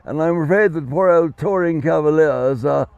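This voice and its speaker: A man's voice: a little high, normal speed, creaky, a little mellow. Genteel man on cricket commentary. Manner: genteel, chatty, self-deprecating. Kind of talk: live ball-by-ball commentary. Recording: dull lo-fi sound.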